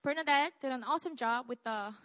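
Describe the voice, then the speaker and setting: A woman's voice: high voice, fast, fairly bright tone, no echo. A woman pastor with a Korean accent, preaching a live sermon to a congregation in a chatty, self-deprecating way and often asking them questions.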